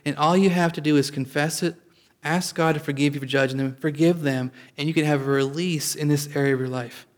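A man's voice: fairly high pitch, fairly even intonation, fairly quick. A man preaching a sermon as pastor, in a conversational way, often restarting and calling out for an amen.

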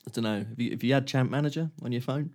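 A podcast co-host rattles through strange news items very fast, his medium-pitched voice fairly even and a little mellow. It's a relaxed comedy show, and he keeps cracking up, reading quotes with a chuckle.

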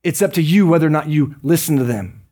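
A man preaching a sermon as a pastor, conversational and joking with quick asides. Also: fairly high pitch, lively intonation, darkish tone.

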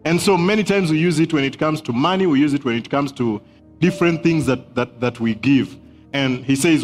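A man's voice: on the high side, normal speed, faint music behind. A man preaching a sermon as pastor, emphatic, repeating key phrases and laughing between points.

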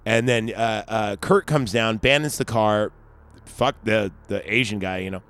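A man's voice: fairly low pitch, normal speed, fairly bright tone. A man casually recapping a movie plot on a podcast, rambling and acting out bits of dialogue. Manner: rambling, acts out scenes in voices. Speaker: podcast host.

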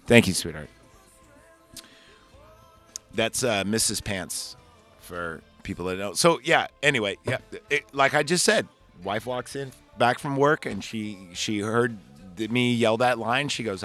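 A man's voice: lowish voice, a little slow. Male podcast host, casual and profane, rambling recap delivery, faint music bed. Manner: rambling, profane, animated retelling. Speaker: podcast host reviewing a movie. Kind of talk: casual chat.

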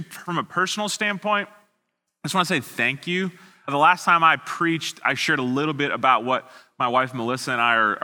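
A man preaches to an online congregation, loose and self-deprecating, often restarting his sentences. His voice is strikingly bright and forward. A long reverb from a large hall lingers behind every phrase. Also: mid-range voice. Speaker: student pastor. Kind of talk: online sermon.

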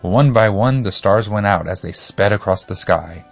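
A man with a low voice reads a children's storybook aloud, steady and expressive. Faint music plays softly behind him. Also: normal speed. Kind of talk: scripted storybook narration.

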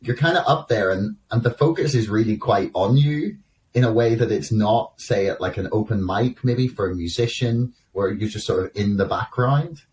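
A man's voice: lowish voice, normal speed, a little mellow, recorded from a distance, slight background noise. A man interviewing a guest, asking long, hesitant questions full of restarts. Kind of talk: casual interview.

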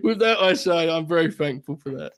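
A man co-hosting a podcast in casual chat, wry and measured, laughing often. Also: on the high side, animated. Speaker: podcast co-host.

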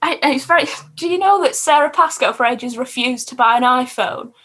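A young woman co-hosting a podcast, chatty and quick as she recaps an episode with laughs. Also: high-pitched, bright, forceful tone, husky. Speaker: podcast co-host. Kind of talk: casual chat.

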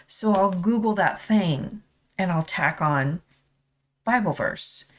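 A woman's voice: fairly low pitch, expressive, a bit bright. A woman hosting a devotional podcast, speaking in a tender, confessional way and reading scripture aloud. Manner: slow, tender and confessional, near tears.

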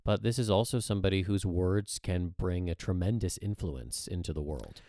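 A man with a low voice co-hosts a relaxed podcast chat. He is playful and teasing, and he explains ideas at length. The sound is dry and close. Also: moderate pace, dry recording. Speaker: podcast co-host. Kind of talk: casual chat about astrology.

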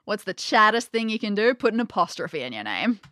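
A woman's voice: medium pitch, sing-song, brisk, pushed and bright, dry recording. A woman co-hosting a casual chat podcast, giving dry, teasing hints and puns.

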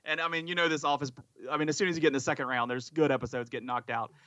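A man's voice: a little high, steady tone, rapid-fire, sharp tone, no room sound, highs cut off. A man co-hosting a podcast in casual chat, talking eagerly and rambling with lots of fillers. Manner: enthusiastic, rambling, many "like" fillers. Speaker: podcast co-host.

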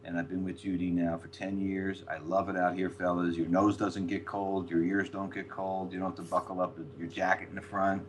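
A man's voice: deep voice, level tone, fairly quick, hardly any pauses, a little hiss or hum. Rambling older man telling stories. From New York area. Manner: rambling, repeats words, laughs at his own stories. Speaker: guest, former record label executive. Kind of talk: storytelling in a podcast interview.

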